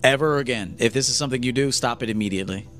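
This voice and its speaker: A man's voice: mid-range voice, rapid-fire, fairly bright tone, faint music behind. A man giving a blunt, profane lecture to men as a dating coach on a livestream.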